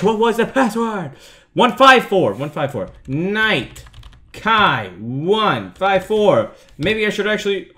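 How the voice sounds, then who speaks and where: A man's voice: sits high, very animated, slow, bright, forceful tone. A young man commentating a horror game playthrough, jumpy and swearing, yelping and laughing at the scares. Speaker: gaming video host.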